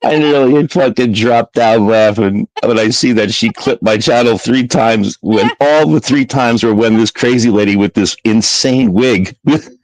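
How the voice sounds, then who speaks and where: A man's voice: mid-range voice, measured pace, dry recording, rough recording. A man hosting his livestream in casual chat, telling rambling stories, swearing and laughing often. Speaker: livestream host.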